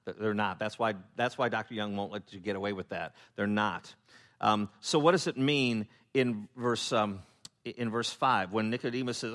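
A man's voice: lowish voice, normal speed, a bit bright. Man preaching in a loose, joking style. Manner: humorous, acts out quoted voices; loose, with many fillers and restarts. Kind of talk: conversational Bible teaching.

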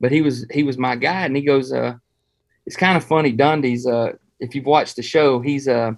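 A man from Georgia with a Southern accent, telling hunting stories in a folksy, animated way during a casual interview. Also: medium pitch, normal speed. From Georgia, USA. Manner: folksy, animated, chuckles as he talks. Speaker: hunting guest.

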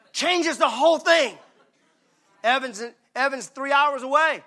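Delivering a sermon a little slowly, a male pastor uses a bright, forceful, high-pitched voice. His preaching is emphatic, sinking into hushed intimacy and then climbing to shouts.

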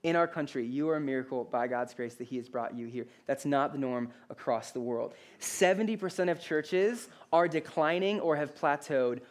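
A man's voice: on the high side, normal speed, few pauses. A man, a pastor, preaching a sermon with emphatic repetition and calls for the congregation's response. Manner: emphatic, repeats key phrases, asks the congregation for responses.

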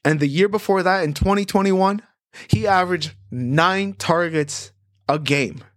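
A man's voice: high voice, measured pace, dry recording, studio quality. Chatty man rattling off betting picks. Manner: animated, chatty, rattles off stats and odds. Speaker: host. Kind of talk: sports betting picks podcast.

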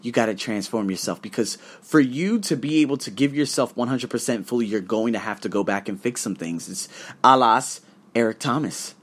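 A man's voice: mid-range voice, brisk. Earnest rambling man vlogging. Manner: earnest, rambling, swings from hushed to emphatic with some swearing. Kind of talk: reflective self-help monologue.

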